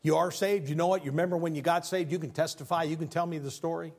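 A man preaching a sermon in church, telling stories with big swings from loud excitement to hushed earnestness. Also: on the high side, fast.

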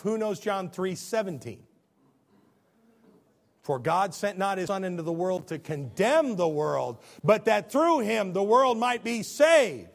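A man preaching a sermon, swinging from booming shouts to low hushed tones. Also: lively intonation, normal speed.

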